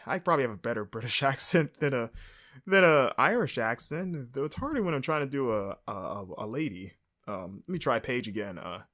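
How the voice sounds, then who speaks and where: A man's voice: mid-range voice, fairly bright tone. A man hosting a podcast, casually recapping a show on his own, rambling with lots of fillers and mid-sentence corrections. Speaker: podcast host.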